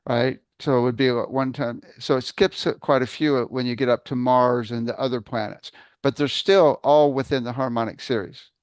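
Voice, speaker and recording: A man in a relaxed conversation, thinking aloud as he explains his ideas. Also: mid-range voice, normal speed, few pauses, clear, resonant tone, dry recording. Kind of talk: conversational interview.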